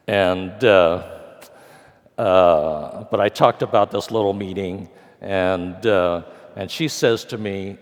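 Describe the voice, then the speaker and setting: Older guy in his 60s giving a talk, slow and dry, big echoey hall. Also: low voice. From California. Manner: wry, dry humor, acts out dialogue. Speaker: lecturer. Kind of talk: storytelling lecture. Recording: long reverb of a large hall.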